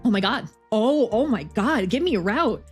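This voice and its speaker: A woman's voice: on the high side, lively intonation, moderate pace, slightly rough, faint music behind. A woman voicing a weary, wry young woman football player who sighs and curses. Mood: frantic. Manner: sarcastic, sighing, swearing.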